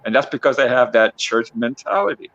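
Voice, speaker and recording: A man's voice: mid-range voice, expressive, fairly quick, fairly bright tone. A man joining a livestream as a guest, talking bluntly and emphatically, with many restarts. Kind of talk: casual livestream chat. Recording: dull lo-fi call audio.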